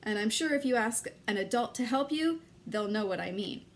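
A woman's voice: fairly high pitch, expressive, normal speed, slight background noise. A woman leading a children's activity lesson as an early childhood educator, coaxing young kids in a sing-song voice and inviting them to join in.

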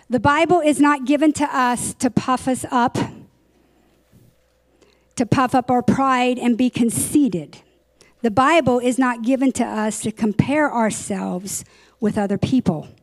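Woman bible teacher, slow and careful, bit high voice, stops to fix her words. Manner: deliberate, explains and corrects herself as she reads. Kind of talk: church bible study teaching.

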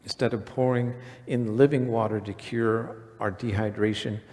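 A man's voice: on the low side, steady tone, normal speed, a little mellow. A male pastor giving a conversational sermon in a church, putting questions to the congregation. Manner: conversational preaching, quizzes the congregation. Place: church sanctuary. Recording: reverberant church hall.

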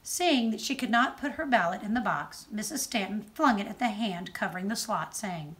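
A woman judge reading a children's book aloud with expressive storytelling. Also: medium pitch, moderate pace, hardly any pauses. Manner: expressive storytelling, softer on narration tags.

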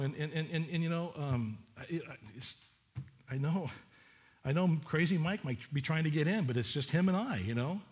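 A male pastor preaching a sermon in an earnest, conversational way, often restarting his sentences. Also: on the high side. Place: church sanctuary.

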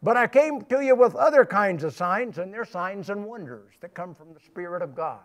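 Man preacher, high pitch, emphatic sermon delivery with repeated phrases. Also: expressive, normal speed. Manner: emphatic, repetitive preaching with rising bursts. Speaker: pastor. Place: church sanctuary.

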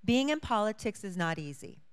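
A woman's voice: mid-range voice, big pitch swings, normal speed, clean tone. A young adult woman from Hawaii, a lawmaker, telling her testimony to a congregation with earnest storytelling and acted-out quotes. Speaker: church guest speaker, state lawmaker.

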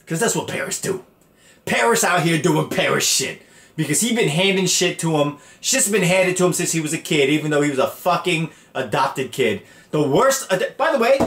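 A man's voice: high voice, sing-song, measured pace, fairly bright tone, roomy sound. A man hosting a podcast, crudely and animatedly retelling a story and acting out the characters' lines. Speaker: podcast host. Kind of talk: profane comedic retelling.

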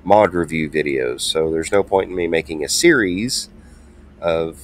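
A man's voice: low-pitched, lively intonation, unhurried, a little hiss or hum. A man hosting a truck game video, talking casually and hesitantly with many ums and restarts. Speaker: gaming channel host. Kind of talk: casual gameplay commentary.

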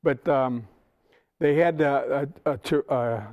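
A man's voice: mid-range voice, slow pace, lo-fi sound. An older man, a guest on a casual talk show, answering with wry, dry humor. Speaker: guest, golf historian. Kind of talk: casual chat.

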